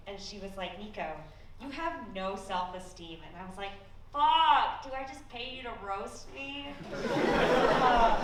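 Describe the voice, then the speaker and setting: A young adult woman doing a stand-up set, with deadpan, self-mocking delivery and frequent swearing. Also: medium pitch. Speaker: stand-up comedian. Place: stage at a college comedy showcase. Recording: echoey room from far off with audience noise.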